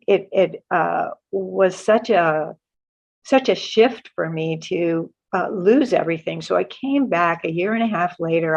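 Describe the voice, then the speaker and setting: Older woman telling an earnest, halting story. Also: fairly low pitch, vocal fry. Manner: earnest, halting, often repeating words as she restarts. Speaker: guest author sharing a spiritual story. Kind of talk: personal storytelling. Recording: muffled lo-fi sound.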